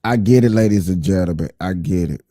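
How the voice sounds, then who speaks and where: A man's voice: low voice, fairly quick, dark tone, no echo, studio quality. Earnest man talking politics on his livestream. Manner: earnest, repetitive, addresses viewers directly. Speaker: livestream host. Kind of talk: casual political livestream talk.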